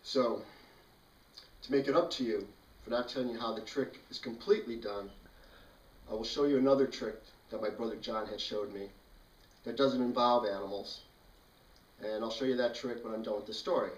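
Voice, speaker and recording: A man's voice: mid-range voice, fairly even intonation, moderate pace, long pauses. Wry man telling a story in a roomy space. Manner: dry, wry, matter-of-fact. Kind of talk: casual spoken storytelling. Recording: roomy, mic at a distance.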